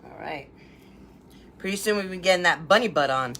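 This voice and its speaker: A woman's voice: on the low side, fairly quick, fairly bright tone, a little hiss or hum. A woman hosting a live crafting stream from home, chatting and greeting viewers by name as she works. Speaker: craft livestream host.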